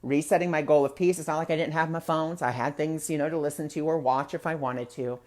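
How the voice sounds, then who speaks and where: A woman's voice: deep voice, fairly even intonation, quick pace, a little mellow. A woman hosting a spiritual discussion, telling a personal story in a chatty way with many fillers. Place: live online broadcast.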